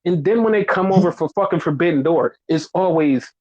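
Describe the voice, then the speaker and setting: A man's voice: a little high, lively intonation, moderate pace, a little mellow, lo-fi sound. A man co-hosting a wrestling podcast, ranting with heavy swearing and exasperation, mocking fans in quoted voices. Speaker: podcast co-host.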